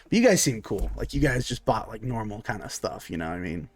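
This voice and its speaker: A man's voice: fairly low pitch, lively intonation, fast talker, no room sound, pitched below the performer's own voice. A man voicing a nervous, greasy male halfling cook on his first shift, hesitant and fumbling, full of uhs and sudden curses. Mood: gossipy.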